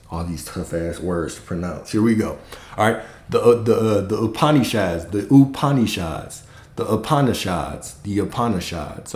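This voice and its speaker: A man's voice: lowish voice, darkish tone, roomy sound. A man giving a casual spiritual teaching talk, often checking in with "right?" and "okay?", and swearing now and then.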